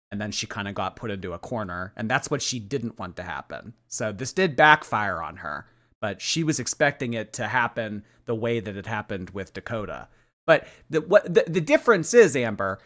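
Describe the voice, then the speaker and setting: Lively, bright-voiced male stream host. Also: lowish voice. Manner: animated, mocking, chatty with viewers. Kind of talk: live stream reaction commentary.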